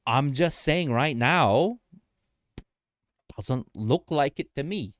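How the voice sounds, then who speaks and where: A man hosts a casual market livestream in a mid-pitched voice that swings widely. He jokes and repeats his points, laughing often. The sound is dry, with no room echo. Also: slow. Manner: animated, repetitive, joking, laughs often. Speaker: livestream host.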